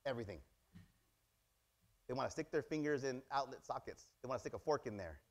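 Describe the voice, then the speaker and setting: A male pastor preaching a sermon, acting out little dialogues and swinging between loud exclamations and quiet asides. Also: mid-range voice, fairly quick. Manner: animated, acts out dialogues in many voices. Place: church.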